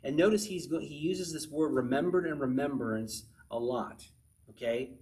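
A man's voice: a little high, moderate pace, a little mellow. A man preaching a sermon in a conversational way, often asking the listeners questions.

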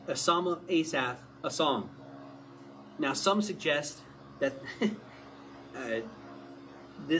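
A man preaching a sermon in an animated way, often asking his listeners questions. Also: a little high, a little hiss or hum. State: out of breath.

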